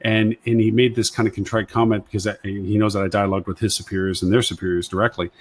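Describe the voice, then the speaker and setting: A lowish, breathy male voice moves at a quick pace with flat delivery. The speaker, an agency consultant on a live web panel show, rambles casually, repeats himself often, and retells conversations.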